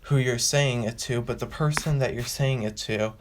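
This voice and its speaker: A man's voice: mid-range voice, moderate pace, a little hiss or hum. Rambling male fan explainer. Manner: rambling, restarts and repeats phrases; acts out quoted lines with a raised voice. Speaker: fan video host. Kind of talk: casual fan explainer monologue.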